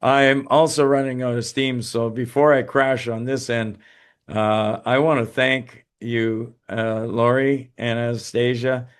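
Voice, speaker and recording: A man hosts a webinar over a video call and answers viewer questions. He sounds tired and talks haltingly, with many fillers and restarts. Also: mid-range voice, level tone, smooth. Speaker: host. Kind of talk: webinar talk and Q&A.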